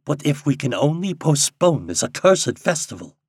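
A man's voice: a little high, big pitch swings, moderate pace, breathy edge, no echo, clean studio sound, voice pushed up, heavily acted. A man reading an audiobook and voicing a tall, bold adventurer who speaks urgently and commandingly. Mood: determined. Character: tall bold male adventurer, fierce and determined.

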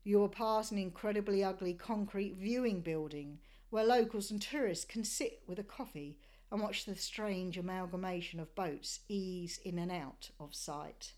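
A sailing voyage is described in scripted travel narration by an Australian woman, who keeps her storytelling measured and descriptive. Her voice is mid-range and a little mellow.

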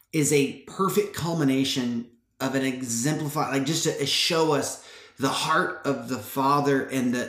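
A man's voice: medium pitch, a bit bright. A man hosting a podcast, casually retelling a Bible story in slangy, laid-back talk with frequent laughs. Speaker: podcast host. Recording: roomy echo.

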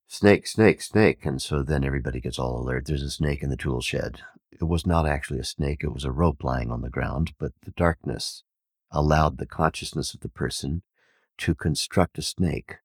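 A man telling a parable and teaching on Vedic wisdom, an animated storyteller who acts out the villagers' shouts. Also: rumbling low, moderate pace, creaky, breathy edge, no echo, clean studio sound. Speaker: podcast host and teacher.

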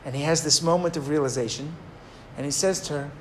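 A man teaching a Torah class, telling a story in an animated, digressive way and acting out the people in it. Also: fairly high pitch, fast talker, a little hiss or hum. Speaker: rabbi teaching.

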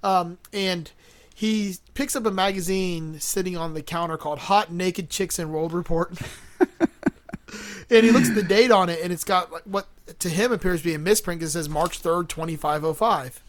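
High-voiced man recapping a movie. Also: normal speed, no echo. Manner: rambling, laughs often, many fillers. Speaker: podcast co-host. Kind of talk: casual movie recap chat.

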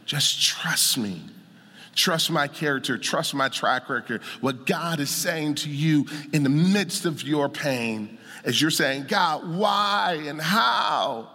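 A man preaching a sermon as pastor, emphatic, swelling into shouts and a sung, rhythmic cadence. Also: fairly high pitch, takes it slowly. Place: church sanctuary. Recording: long church hall reverb.

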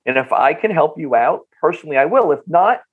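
A man with a North Jersey accent, a health practitioner guest on a podcast interview, talking in an animated way and often repeating words as he starts a sentence. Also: on the high side, brisk, breathy edge, narrow, tinny audio. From New Jersey.

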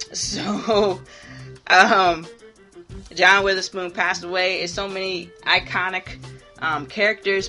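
A woman with a fairly low voice hosts a casual, profane commentary monologue. She's animated and frequently acts out voices.

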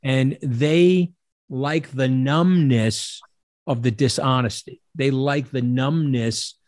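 A man's voice: medium pitch, steady tone, slow pace, a little mellow, dry recording, studio quality. A middle-aged man telling stories as an interview guest, blunt and profane, acting out the voices of people he quotes. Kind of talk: casual interview storytelling.

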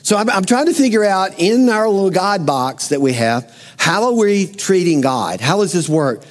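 Conversational preacher with a hall echo. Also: male voice, sits high, big pitch swings, moderate pace. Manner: conversational, asks the congregation questions. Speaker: pastor. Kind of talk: sermon.

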